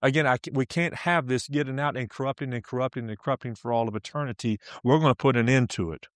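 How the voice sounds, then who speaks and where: A man preaching a sermon, who often repeats himself, checks in with his listeners and slows down for emphasis. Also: mid-range voice, dry recording, studio quality. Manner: repetitive, checks in with "all right?".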